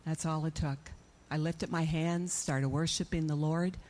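A middle-aged woman giving an animated testimony in a church service, acting out her own prayers and conversations. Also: low voice, a little slow.

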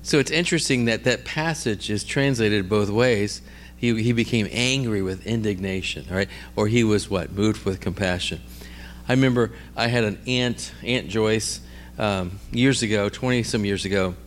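At normal speed and fairly low in pitch, a man preaches over a slight hiss or hum. His sermon on healing ministry is conversational and full of stories, with frequent "all right?" and "amen?" check-ins and words he repeats and restarts.

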